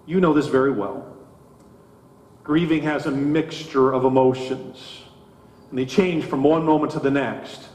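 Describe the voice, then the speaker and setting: A man preaching a sermon as pastor, slow and deliberate, with emphatic rises in his delivery. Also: mid-range voice, darkish tone. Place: church sanctuary. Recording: echoey church hall.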